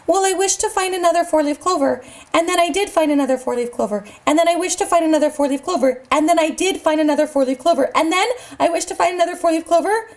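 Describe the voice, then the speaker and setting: A woman's voice: extremely high pitch, fast talker, hardly any pauses. A woman co-hosting a children's show, giggly and telling playful little stories. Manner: giggly, storytelling. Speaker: co-host. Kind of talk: playful kids' show chat.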